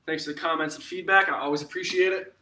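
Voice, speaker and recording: A man's voice: a little high, steady tone, fast talker, bright, forceful tone, a little hiss or hum. A young man leading a live home workout class, counting down reps and joking along the way. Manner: upbeat, jokey, counts down reps. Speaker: fitness instructor. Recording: echoey room, far from the mic.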